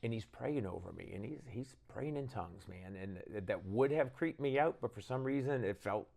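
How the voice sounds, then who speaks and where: A man telling his conversion story in casual conversation, animated and acting out the voices of people he quotes. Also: on the low side, normal speed, vocal fry. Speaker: guest, band leader.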